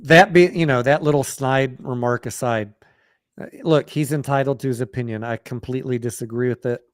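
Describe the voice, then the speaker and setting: A man's voice: mid-range voice, fairly even intonation, fairly quick, no echo, studio quality. A man hosting a casual late-night live stream about stocks, talking bluntly and swearing offhandedly. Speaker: stock talk show host.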